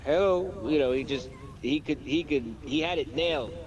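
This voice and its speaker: A man's voice: mid-range voice, moderate pace, a crowd in the background. A man chatting on a casual stream, laughing often and chiming in with quips. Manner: laughs a lot, chimes in with quips. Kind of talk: casual watch-along banter. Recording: dull lo-fi sound.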